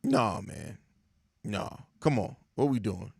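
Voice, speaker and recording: A man's voice: fairly low pitch, expressive, measured pace, vocal fry, a little mellow, slightly rough, dry recording, studio quality. A young man hosting a sports show, ranting in exasperated, profane casual commentary and repeating himself. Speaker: sports podcast host.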